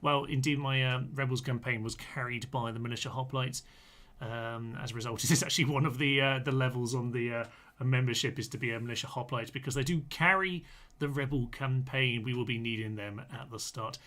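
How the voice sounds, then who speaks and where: A man talking through a live strategy game stream, rambling and chatty as he answers viewers' comments. His voice sits at a middling pitch with a bright, forward edge. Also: fairly even intonation, fairly quick. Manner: chatty, reads out chat comments with frequent ums.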